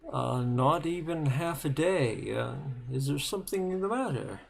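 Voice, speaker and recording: Gravelly male player, hesitant formal speech, faint noise behind. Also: on the high side, animated, unhurried. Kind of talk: in-character tabletop role-play.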